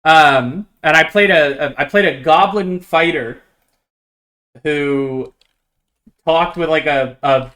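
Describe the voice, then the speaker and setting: A man's voice: on the high side, takes it slowly, long pauses, fairly bright tone. A man streaming a tabletop wargame, chatting casually and playfully with many hesitant fillers. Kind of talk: casual chat while playing a tabletop wargame.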